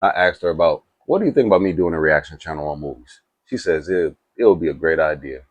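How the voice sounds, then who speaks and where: A man chatting casually to camera about movies, rambling with restarts and asides and getting excited. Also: a bass voice, fast talker, dry recording, muffled recording. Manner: animated and excitable. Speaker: movie reaction YouTuber.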